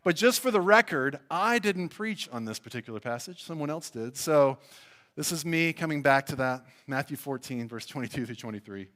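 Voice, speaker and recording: Man, pastor, sermon, somewhat high voice, chatty with restarts. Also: animated, moderate pace, fairly bright tone. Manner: conversational preaching with fillers and restarts. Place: church.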